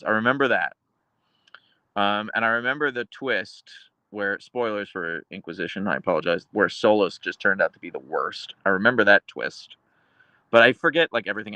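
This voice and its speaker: A man with an American accent and unusually crisp consonants, chatting casually to his stream audience. His voice sits a little low, with a bright, forward edge. The sound is close and dry, with no room around it. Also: no echo, lo-fi sound. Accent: American, crisply enunciated. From Pittsburgh, Pennsylvania. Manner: enunciates consonants sharply, rambling asides. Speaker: livestream host reading chat. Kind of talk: casual livestream chat.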